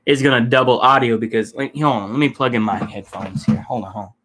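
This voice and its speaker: A man's voice: medium pitch, fast, fairly bright tone, slight background noise. A man casually commenting on footage during a livestream, rambling and swearing with lots of fillers. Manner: rambling, profane, many fillers. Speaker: streamer reacting to protest footage.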